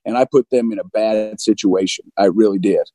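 A man in his forties, speaking as a guest, telling a personal story openly and candidly, acting out both sides of old conversations in quick back-and-forth. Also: lowish voice, warm tone, dry recording, poor audio. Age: 40s. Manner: open and self-deprecating, acts out both sides of dialogue. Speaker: guest recounting recovery.

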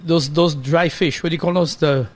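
A man's voice: on the high side, steady tone, moderate pace. A man co-hosting a food radio show, easygoing and teasing in casual banter. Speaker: radio co-host and chef. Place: radio kitchen studio in a hotel.

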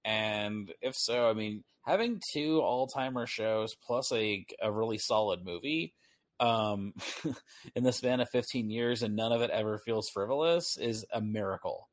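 A man's voice: lowish voice, a little slow. A man hosting a podcast, chatting casually and animatedly, often laughing and acting out imagined voices. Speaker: podcast host. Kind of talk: casual chat.

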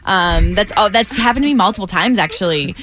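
A woman's voice: mid-range voice, brisk, fairly bright tone. A woman co-hosting a morning show, chatting and running through celebrity gossip in a giggly, conversational way. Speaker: co-host presenting entertainment news. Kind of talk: casual chat and gossip report.

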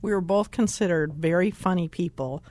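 A woman's voice: fairly low pitch, moderate pace, a little mellow, no room sound. An older woman, a podcast guest, telling reflective stories with many fillers like "uh" and "you know.". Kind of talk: conversational podcast talk.

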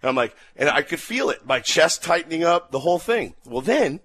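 Male radio host, excitable storyteller, voice sits a bit high. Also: a little fast, hardly any pauses, husky. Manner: excitable, acts out quotes, laughing. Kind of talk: casual chat, animated storytelling.

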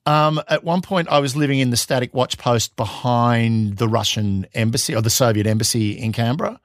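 A man's voice: medium pitch, a little fast, no room sound, clean studio sound. A middle-aged Australian man, a podcast guest, telling self-mocking stories in casual chat and acting out the voices he quotes. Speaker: podcast guest, former intelligence officer.

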